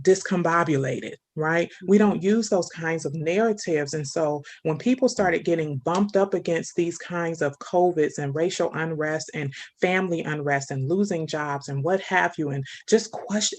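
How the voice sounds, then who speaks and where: A woman's voice: low voice, normal speed, few pauses, a little mellow. A woman guest in a casual discussion, explaining her points thoughtfully and often asking "right?".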